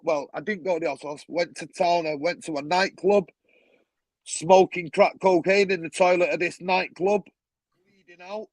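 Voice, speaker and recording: A man's voice: high voice, no echo, poor audio. A man telling stories as a guest on a talk show, blunt and swearing freely, with a lot of "you know what I mean". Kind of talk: casual storytelling.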